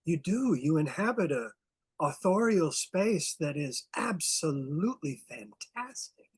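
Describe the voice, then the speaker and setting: An audience member giving halting, stammering praise after a reading. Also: medium pitch, expressive, husky, no room sound.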